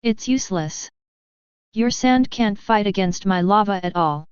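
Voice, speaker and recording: A woman's voice: mid-range voice, lively intonation, unhurried, a little mellow, smooth, dry recording, lightly acted. A woman reading a proud scornful admiral. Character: arrogant male navy admiral, proud and dismissive. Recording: dull lo-fi audio.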